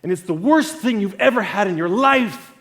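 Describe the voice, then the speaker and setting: A man tells a story from the stage in a keynote talk. His voice sits a bit high and leaps around in pitch. He swings from loud bursts to quiet, low asides. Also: lively intonation, moderate pace. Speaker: conference speaker. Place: event stage.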